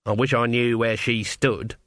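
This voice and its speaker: A man's voice: mid-range voice, steady tone, a little slow, a bit bright, no echo, studio quality, lightly acted. A man voicing a stern, shrewd old witch woman in a storybook reading, blunt and commanding.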